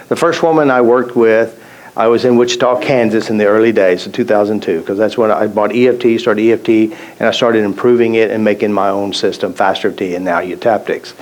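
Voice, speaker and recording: A man's voice: lowish voice, darkish tone, low-quality recording. A man teaching at a live seminar, telling client stories and acting out their quotes, often repeating his phrases. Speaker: tapping therapy teacher.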